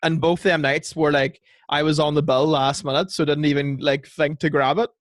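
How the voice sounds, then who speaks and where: Rambling higher-voiced man. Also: little pitch movement, normal speed, dry recording. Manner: rambling, full of restarts and filler "like". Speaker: comedian podcaster. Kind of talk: casual chat. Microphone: video call.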